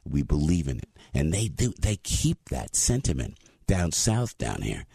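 A man in his sixties with a New Jersey accent, telling stories in an animated monologue as a talk show host. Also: rumbling low, unhurried, vocal fry, slightly rough, no room sound. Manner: animated, acts out voices. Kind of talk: storytelling monologue.

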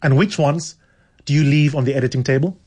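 A man's voice: on the high side, fairly even intonation, brisk, darkish tone. A man hosting a radio show, chatting with callers and his guest, often repeating words as he thinks aloud. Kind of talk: casual radio chat and book reading.

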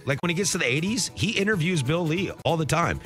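A man's voice: on the high side, fast, soft background music. Enthusiastic man telling radio stories. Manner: animated, enthusiastic storyteller. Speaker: radio co-host. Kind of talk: casual sports radio storytelling. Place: radio studio.

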